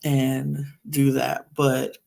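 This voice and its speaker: Gravelly-voiced woman rambling through a recap. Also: rumbling low, monotone, very slow, warm tone. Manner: chatty, rambling with many fillers. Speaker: podcast host. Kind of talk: casual reality TV recap.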